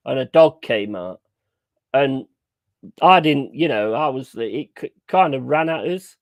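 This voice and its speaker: A man's voice: mid-range voice, vocal fry, no echo. A young man chatting casually on a live stream, blunt and sweary, repeating his points for emphasis. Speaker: streamer hosting a football watchalong.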